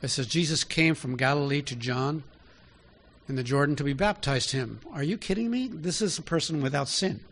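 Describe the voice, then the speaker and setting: A man's voice: a little high, normal speed, fairly bright tone. A man preaching a sermon in an easy, conversational way, often asking his listeners direct questions.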